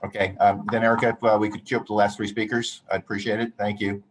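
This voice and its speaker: A man's voice: on the low side, little pitch movement, fast talker. A man chairing an online public hearing over a video call, polite and hesitant with many fillers.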